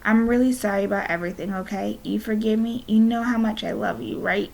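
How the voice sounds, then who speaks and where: A woman's voice: medium pitch, brisk, gravelly. A woman teacher voicing a teenage older sister who explains, soothes and is a little impatient, in a read-aloud of a children's novel. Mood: upset. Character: teenage girl, older sister, tearful but comforting.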